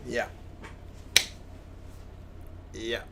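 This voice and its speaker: A man's voice: very slow, bright, forceful tone. A man hosting a live rugby watch-along, chatting casually, rambling and greeting viewers by name. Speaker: rugby channel host.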